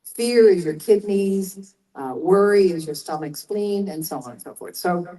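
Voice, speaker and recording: Older woman, convention panel guest, low mellow voice, chatty storyteller with audience asides. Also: a little slow, rough recording.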